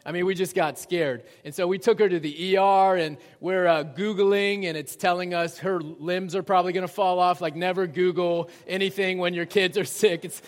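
A man preaching a sermon as pastor in a church auditorium. He swings between loud urgency and hushed intensity. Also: sits high, steady tone, moderate pace, few pauses. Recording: reverberant hall sound.

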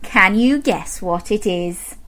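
A woman's voice: medium pitch, slow, background noise. A woman reading a picture book aloud to young children, playful and encouraging, inviting them to join in with sounds. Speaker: children's storyteller.

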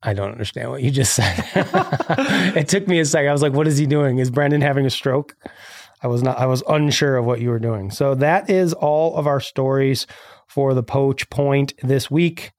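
A man's voice: mid-range voice, animated, moderate pace, no room sound, clean studio sound. A man hosting a casual podcast, reading news stories and ranting about them with sarcasm. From Illinois. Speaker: podcast host.

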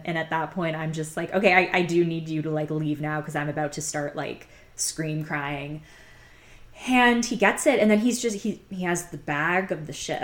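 Low-voiced young woman, rambling and candid. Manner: rambling, filler-heavy, candid. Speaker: podcast host telling her own story. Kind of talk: casual confessional storytelling.

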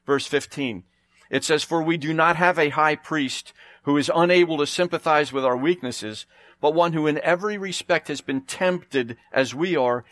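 A man preaching a sermon outdoors, reading scripture with slow, rising emphasis. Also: mid-range voice, a bit bright, no echo. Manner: emphatic, slows and rises to stress scripture.

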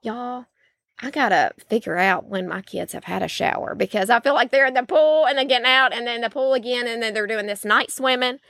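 Chatty mom, folksy. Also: female voice, on the high side, a little fast, a bit bright, dry recording, studio quality. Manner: chatty, folksy, lots of fillers. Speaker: podcast host. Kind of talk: faith-based podcast talk.

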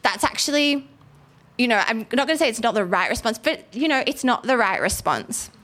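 Animated woman preacher with a fairly high voice, casual sermon delivery. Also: fairly quick. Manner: animated, acts out biblical voices. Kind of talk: casual sermon with scripture reading.

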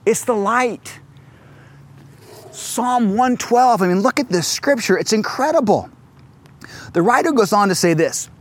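A middle-aged man preaching a sermon, telling a story with lively acted quotes and shifting between fast storytelling and slow, stressed scripture. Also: sits high. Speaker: pastor.

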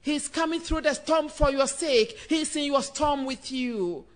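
Woman preacher, high pitch, impassioned sermon that calls out to each listener. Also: unhurried. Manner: fervent, direct address to the listener.

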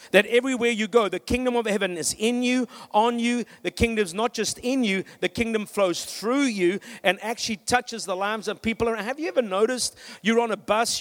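A male pastor preaching a sermon with energy, telling stories and calling out to the congregation. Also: high voice. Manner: energetic, with storytelling and "come on" calls to the congregation.

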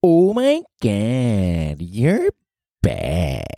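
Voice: deep voice, wildly swooping pitch, extremely slow, creaky, mellow, no room sound, clean studio sound, heavily acted. A performer voicing a playful, teasing young woman, the host's girlfriend, who mock-scolds him.

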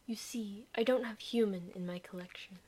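A woman's voice: mid-range voice, brisk, darkish tone, lightly acted. A woman voicing a small, mischievous female ice creature who speaks in a teasing, coaxing, often whispered voice. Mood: sly.

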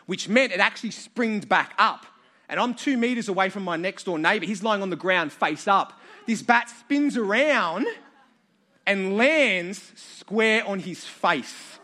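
A man's voice: sits high, bright, forceful tone. An Australian man preaching to a live audience, telling a funny childhood story with self-mocking humour.

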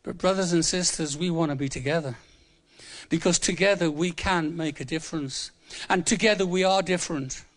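A man's voice: on the high side, normal speed. A seventy-five-year-old man from England giving a humorous, conversational sermon in church, repeating words for emphasis. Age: 70s. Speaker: preacher.

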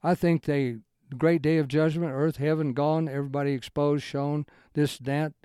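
Mellow-voiced man teaching scripture informally. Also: steady tone, normal speed, clean tone, dry recording, studio quality. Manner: rambling, with broken sentences and restarts; swings into emphatic raised-pitch lines. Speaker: Bible teacher. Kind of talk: informal Bible study talk.

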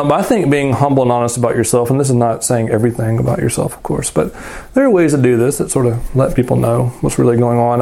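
A man leading a church class and taking audience questions. He talks at a middle pitch in a loose, conversational flow, often doubling back and trailing into asides with a candid, self-deprecating tone. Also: gravelly, a little mellow. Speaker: pastor teaching a Bible class.

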